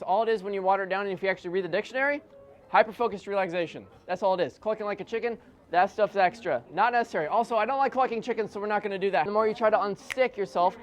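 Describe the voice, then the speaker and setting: A man working as a stage hypnotist at a live show, giving rhythmic, repetitive suggestions that sink low and soft, mixed with chatty joking asides to the audience. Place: corporate event room with an audience. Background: faint audience.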